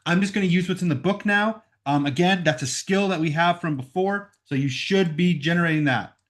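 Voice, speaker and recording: A man's voice: high voice, brisk. A man teaching a recorded math lesson at home into a computer microphone. He works through the calculations aloud and keeps checking in with "right?".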